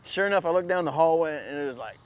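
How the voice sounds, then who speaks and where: A man's voice: on the high side, quick pace. A man telling a story in a laid-back, slangy way, cursing often and breaking into laughs. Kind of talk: casual spoken anecdote.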